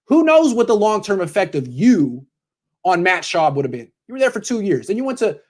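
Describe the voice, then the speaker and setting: A man's voice: high-pitched, very animated, a little fast. A man who is a sports commentator, bluntly lecturing a coach as if in a meeting, confrontational and direct.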